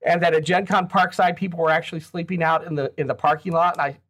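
High-voiced rambling man telling convention stories. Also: steady tone, fast, fairly bright tone. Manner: rambling, full of ums and asides. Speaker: podcast guest, convention historian. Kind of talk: casual anecdotal chat.

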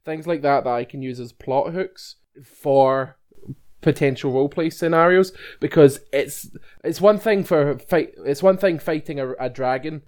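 A man's voice: on the high side, a little mellow, clear, resonant tone. Blunt, teasing man chatting. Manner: blunt, teasing, slowing for emphasis. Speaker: game master and co-host. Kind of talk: casual podcast chat.

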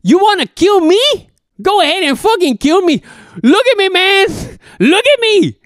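A man voicing a bitter, desperate legless prison escapee who shouts curses. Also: very high voice, big pitch swings, normal speed, no room sound, studio quality. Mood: bitter, pleading. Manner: pleading, furious outbursts.

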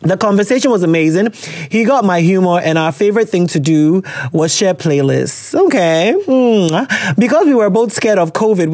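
A man's voice: high voice, a little mellow, dry recording, studio quality. A man hosting a podcast, chatting casually and reading listener letters aloud, laughing often and slipping into slang. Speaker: podcast host.

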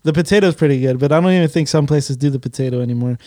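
A man's voice: a little high, very fast, dark tone, no echo, clean studio sound. A young man co-hosting a podcast, telling stories in a rambling, profane, slangy way. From Mexican heritage. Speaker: podcast co-host. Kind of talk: casual chat. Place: podcast studio. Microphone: studio mic.

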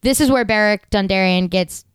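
A woman's voice: medium pitch, moderate pace, clear, resonant tone, no room sound. A young woman in her twenties co-hosting a podcast, gushing about a show in casual chat, full of "like". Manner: bubbly, gushing, heavy use of "like". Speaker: podcast co-host.

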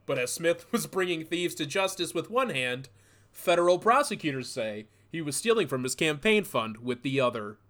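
Podcast host guy, kinda high voice, bouncy all over the place, cussing and cracking up. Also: moderate pace. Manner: animated, laughing, profane, mocking. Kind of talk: casual comedic chat.

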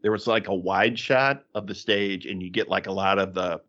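A man's voice: deep voice, steady tone, normal speed, a bit bright, dull audio. A man co-hosting a casual podcast chat, wry and joking, often laughing mid-sentence. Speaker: podcast co-host.

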